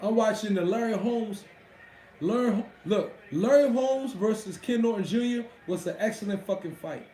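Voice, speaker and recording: Loud, boastful guy with a high voice. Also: moderate pace, roomy sound, rough recording. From Washington D.C. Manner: profane, boastful, shouting out chat viewers. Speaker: live stream host. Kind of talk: casual live stream chat.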